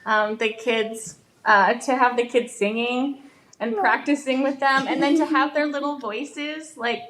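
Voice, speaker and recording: High-voiced mother, fond. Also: steady tone, measured pace, a bit bright, slight background noise. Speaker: podcast guest, mother.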